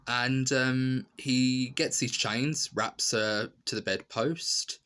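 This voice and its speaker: A man giving a casual spoken review, rambling with lots of filler and animated storytelling. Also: mid-range voice, slow, few pauses. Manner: rambling, full of "you know" and "literally". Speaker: video reviewer.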